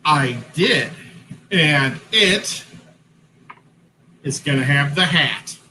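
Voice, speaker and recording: Brief: male co-host, bright and fairly high voice, chatty livestream talk with faint background noise. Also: animated, extremely slow, low-quality recording. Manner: chatty, self-correcting while setting up. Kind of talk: casual livestream chat. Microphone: headset-style hat cam mic.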